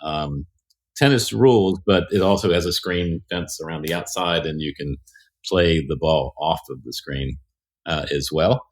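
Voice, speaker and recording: Male executive guest, very low voice, relaxed, halting with fillers. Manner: easygoing, frequent "uh" pauses. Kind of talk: casual podcast chat.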